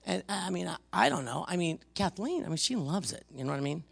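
A pastor preaching a sermon in church to the congregation, emphatic, swinging from loud rebukes to hushed intensity. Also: mid-range voice, very animated, fast, creaky, breathy edge. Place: church service before a congregation.

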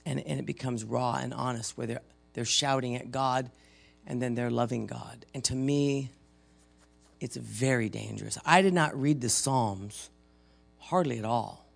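Gravelly-voiced older male preacher. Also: mid-range voice, a little slow, faint music behind. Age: 50s or older. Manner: conversational preaching, dramatic readings of scripture, swings between loud and soft. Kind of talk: sermon.

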